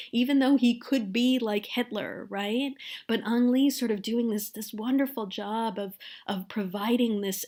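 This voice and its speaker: A woman's voice: medium pitch, a little mellow. A woman film lecturer talking through a scene in an earnest, emotive way, often checking in with her class.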